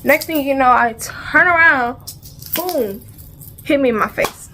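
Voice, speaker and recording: Her voice sits high and her pace is measured, with a faint hiss or hum in the clip. The woman is a vlogger recounting a storytime in casual slang, lively as she plays out sounds and dialogue and circles back to repeated phrases.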